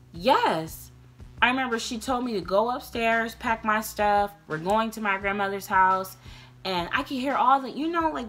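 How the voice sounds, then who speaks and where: A young woman vlogger telling a personal story in a candid, rambling way, earnest and emotional, sometimes getting loud and passionate. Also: medium pitch. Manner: loose, rambling, many restarts.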